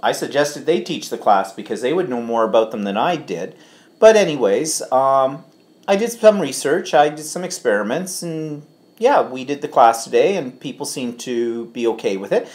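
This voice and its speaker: A man's voice: mid-range voice, animated, normal speed, a little mellow. Chatty man hosting a live stream. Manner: chatty, rambling, stumbles over names. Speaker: livestream co-host. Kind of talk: casual chat reading viewer comments.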